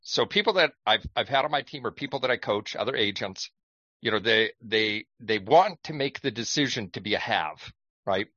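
A man's voice: on the low side, animated, normal speed, bright, forceful tone, no room sound. A man hosting a real estate podcast, building up a question to his guest with many restarts. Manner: thinks aloud with restarts while setting up a question. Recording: dull muffled podcast audio.

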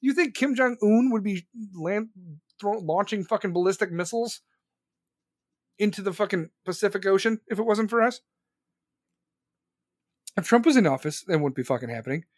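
A man hosting a podcast, ranting angrily about politics with constant swearing and shouted questions. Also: high-pitched, animated, normal speed, pauses often, dry recording, studio quality. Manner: profane, furious, shouting questions. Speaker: podcast host. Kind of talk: angry political rant.

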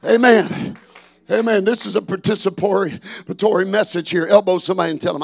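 A middle-aged man, a pastor preaching a sermon, swinging from shouted refrains to chatty storytelling. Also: sits high, steady tone, moderate pace, vocal fry.

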